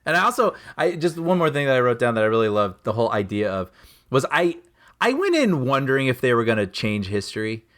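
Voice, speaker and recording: Animated man gushing about a film. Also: medium pitch, quick pace. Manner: enthusiastic, laughs often, acts out scenes. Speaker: podcast co-host. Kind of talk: casual film discussion.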